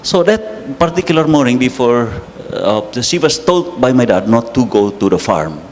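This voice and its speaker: A Filipino priest with a Filipino accent telling a personal story in an emotional sermon, laughing at himself. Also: male voice, medium pitch, expressive, normal speed. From Philippines. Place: church hall. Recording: reverberant hall, faint noise.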